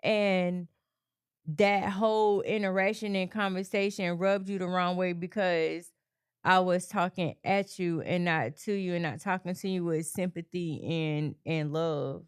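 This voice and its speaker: A woman on a talk panel, speaking haltingly and repeating herself as she thinks it through. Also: lowish voice, steady tone, smooth. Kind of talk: casual chat.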